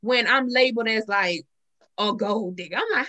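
A young woman in casual group talk, outspoken and animated, with a bright, slightly high voice. She swears freely and speaks her mind. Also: moderate pace. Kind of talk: casual podcast chat.

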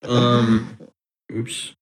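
A young man co-hosting a casual podcast, speaking in a deadpan, somewhat mumbled way on a cheap mic. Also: medium pitch, extremely slow. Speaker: podcast co-host. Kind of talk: casual chat. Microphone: cheap microphone.

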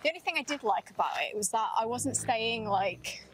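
Walking across a campus outdoors, this young podcast co-host keeps up a chatty, upbeat conversation full of laughter and frequent "like"s. Her voice sits on the high side, animated and fairly quick. The low-quality recording carries slight background noise.

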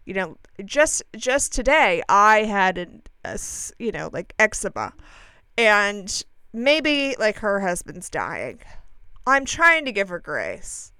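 Chatty woman with a lively, smooth voice. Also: medium pitch, slow, no echo. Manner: chatty, animated, acts out quoted dialogue, frequent fillers and self-corrections. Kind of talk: casual storytelling to listeners.

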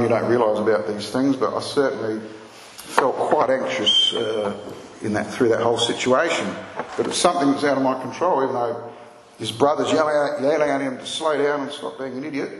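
Male pastor, earnest sermon delivery, reverberant church hall with faint room noise. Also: mid-range voice. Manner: earnest storytelling, rising for emphasis. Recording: echoey hall with long reverb, faint ambience.

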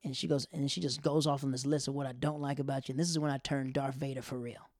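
A man's voice: medium pitch, fast talker, no room sound, clean studio sound. Rambling man telling a story. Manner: rambling, animated, acts out quotes. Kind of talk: casual storytelling.

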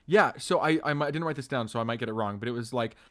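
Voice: medium pitch, very fast. Mid-voiced cohost gushing about a movie over a call, lots of laughing. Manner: enthusiastic, laughs often. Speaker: podcast co-host. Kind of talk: casual chat about a movie.

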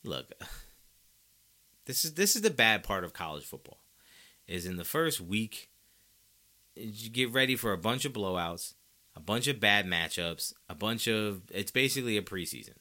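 Forceful low-voiced man giving sports takes. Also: lively intonation, moderate pace, pauses often. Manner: emphatic, opinionated, talks straight to the audience. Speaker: sports podcast host. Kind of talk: casual sports commentary.

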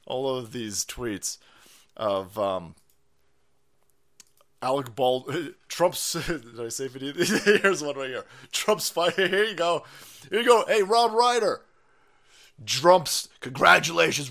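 Loud, crude, sarcastic male stream host. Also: on the high side, animated, unhurried. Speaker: political livestream host. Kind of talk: profane political rant.

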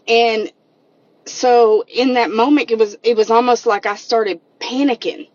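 A woman's voice: fairly high pitch, fairly even intonation, slow, no echo, dull audio. A woman, sharing a personal church testimony in earnest, emotional casual talk. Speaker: member of a church women's group sharing a testimony.

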